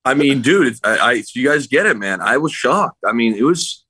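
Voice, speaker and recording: A man, a guest on a podcast, telling a story in a casual, animated way and acting out what other people said. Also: mid-range voice, brisk, breathy edge, no echo, rough recording. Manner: animated anecdote teller, acts out other people's lines. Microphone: remote call.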